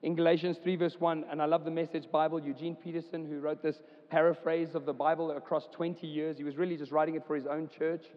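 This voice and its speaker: A man's voice: on the high side, level tone, fast, hardly any pauses. A man, preaching a casual, chatty sermon as a church pastor, with many fillers. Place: church hall. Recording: dull sound with long hall reverb.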